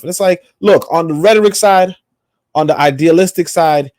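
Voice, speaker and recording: A man's voice: fairly high pitch, normal speed, a little mellow, no room sound, clean studio sound. A man co-hosting a podcast, talking in a rambling, emphatic, profane way. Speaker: podcast co-host. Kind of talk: casual opinionated chat.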